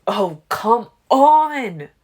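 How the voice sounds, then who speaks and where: A woman reading an audiobook, voicing a loud, jovial young male vampire who booms his lines. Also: sing-song, extremely slow, full character voice. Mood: booming. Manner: booming and loud.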